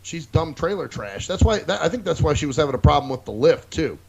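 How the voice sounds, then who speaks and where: A man's voice: fairly high pitch, sing-song, quick pace, gravelly. A man co-hosting a casual podcast, telling a profane story and acting out other people's lines. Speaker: podcast co-host. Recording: dull lo-fi recording.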